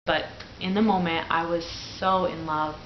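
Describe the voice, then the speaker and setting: A young woman with a lowish voice tells her birth story straight to the camera, frank and chatty, peppering it with "like". The sound is dull and lo-fi, bouncing around a hard, echoey room. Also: fairly even intonation, normal speed, background noise. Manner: candid and chatty, full of "like" fillers. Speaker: new mother telling her birth story. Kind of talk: casual personal storytelling to camera.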